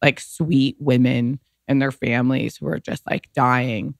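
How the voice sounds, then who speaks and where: A woman's voice: extremely low pitch, steady tone, measured pace, gravelly, dry recording, studio quality. A woman in her thirties, a podcast guest, telling a personal story candidly, emotional and rambling, saying "like" often. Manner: emotional, rambling, heavy use of "like".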